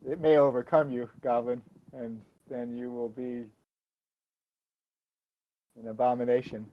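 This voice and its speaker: A man's voice: medium pitch, little pitch movement, unhurried, highs cut off, close to an everyday voice. A man voicing a grave male elf emissary who pleads with solemn urgency.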